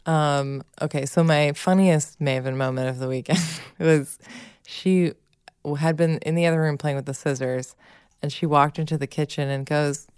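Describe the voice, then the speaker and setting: Woman, low voice, casual chat, lots of filler words, dry sound. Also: steady tone, moderate pace, darkish tone, clear, resonant tone, no room sound. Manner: chatty, many "like" fillers, laughs often. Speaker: podcast co-host, mother.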